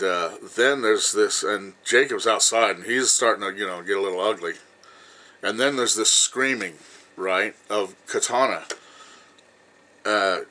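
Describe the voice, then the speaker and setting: A man in his fifties telling a personal story to his viewers in a blunt, rambling way, swearing freely and filling pauses with "you know". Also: on the low side, sharp tone, low-quality recording. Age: 50s. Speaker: vlogger.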